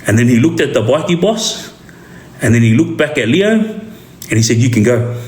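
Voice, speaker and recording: A man with an Australian accent telling a street story in a casual, animated way, often checking in with the listener. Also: medium pitch, moderate pace. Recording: roomy echo.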